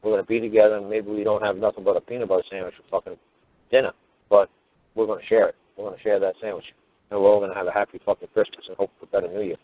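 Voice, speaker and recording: A man's voice: lowish voice, level tone, rapid-fire, no echo. A man giving a profane, heated radio monologue as a talk show host. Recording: phone-line radio audio.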